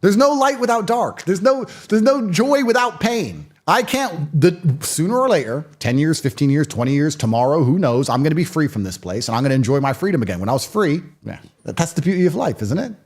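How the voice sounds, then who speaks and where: A man in his late thirties talks quickly and with real push, his pitch leaping up and dropping low as he makes a point. He speaks as a guest in a casual interview. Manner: emphatic, animated storytelling.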